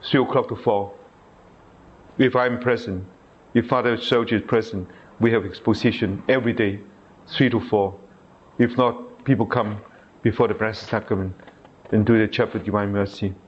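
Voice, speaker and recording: A priest giving a sermon, reading a diary aloud and adding halting asides and rhetorical questions to his listeners. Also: on the low side, steady tone. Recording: dull lo-fi recording.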